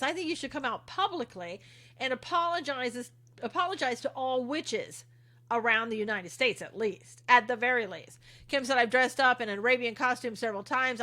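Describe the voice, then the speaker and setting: A middle-aged woman with a fairly high, pushed, bright voice hosts a casual livestream. Reading viewer comments aloud, she answers with sarcasm, keeps up the chatter, and laughs often.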